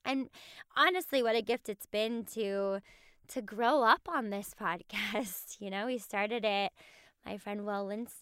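A woman podcast host giving a heartfelt, emotional farewell to her listeners, halting with many restarts. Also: mid-range voice, a bit bright, clean tone, no room sound, studio quality.

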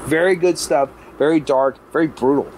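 A man with a somewhat high voice talks in casual podcast chat. He is excitable and profane, and his voice often leaps up when he gets worked up. Faint background noise sits under the recording. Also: moderate pace, low-quality recording.

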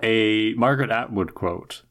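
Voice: mid-range voice, measured pace. A podcast co-host giving earnest, opinionated commentary in casual chat, ranting with many restarts.

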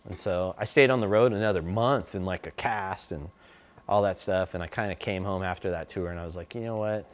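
Guy, middle aged, kinda low voice, rambles on with lots of "like" and "you know". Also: fairly even intonation, fairly quick, slight background noise. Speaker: interview guest. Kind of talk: casual storytelling.

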